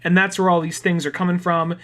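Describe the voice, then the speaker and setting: A bright male voice, a bit higher than most, rambling on a casual podcast. He circles his points and keeps restarting sentences. The tone stays loose and conversational, with the odd curse. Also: flat delivery, fast talker. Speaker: podcast co-host.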